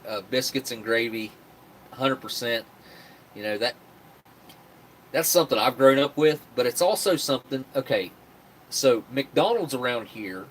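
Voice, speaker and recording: This livestream host from West Virginia rambles casually and reads out comments from viewers. He has a mid-range, slightly bright voice, and the recording carries a little hiss or hum.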